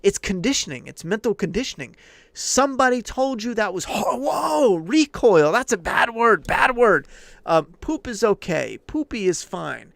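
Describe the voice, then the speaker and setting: A man's voice: high voice, sing-song, normal speed, vocal fry, a bit bright, no room sound. A man hosting a livestream, ranting casually and emphatically to his chat with heavy swearing. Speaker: livestream host answering chat. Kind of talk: casual profane rant.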